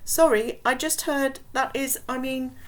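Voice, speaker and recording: A woman's voice: high-pitched, steady tone, pitched above the performer's own voice. Woman doing a flustered young girl. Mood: flustered, brisk. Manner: quick, flustered. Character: bright, bustling young girl.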